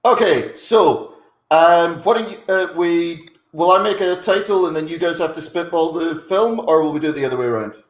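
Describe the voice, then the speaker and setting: A man's voice: fairly high pitch, moderate pace. A man chatting animatedly on a comedy show, swearing and laughing often. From Scotland. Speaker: comedy panelist. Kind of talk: casual comedy chat. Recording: roomy echo.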